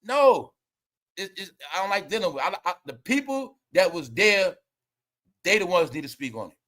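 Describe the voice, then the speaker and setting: High, bright-voiced man laughing through gossip. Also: big pitch swings, normal speed. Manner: loud, laughing, repetitive, addresses viewers as y'all. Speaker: commentary host. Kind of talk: live-stream gossip commentary.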